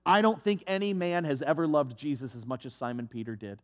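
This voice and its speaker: A man's voice: on the high side, animated, fairly quick. Impassioned man preaching a sermon. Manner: dramatic swings from hushed to impassioned.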